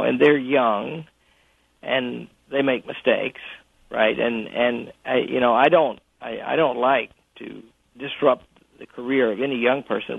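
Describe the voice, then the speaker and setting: A man who is a college president, telling a story with halting restarts during a phone interview. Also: mid-range voice, vocal fry, slightly rough, no echo. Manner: anecdotal, halting with frequent restarts. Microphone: telephone. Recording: tinny dry phone line.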